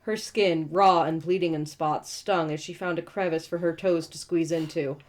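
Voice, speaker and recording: A woman's voice: low-pitched, fairly even intonation, normal speed, darkish tone. A woman reading a novel aloud and breaking in with snarky, profane asides. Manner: snarky, profane asides between read passages. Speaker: book reviewer reading aloud.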